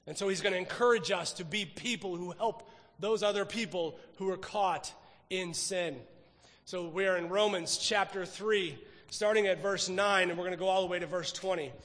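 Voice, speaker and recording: A man's voice: high voice, moderate pace, fairly bright tone, in a large hall. A man preaching a sermon, emphatic, repeating phrases for stress. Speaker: pastor.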